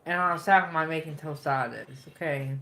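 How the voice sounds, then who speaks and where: A woman's voice: sits low, brisk, a bit bright. A woman hosting her cooking channel, chatting casually and playfully, laughing at herself and tired after eating. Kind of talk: casual chat to camera.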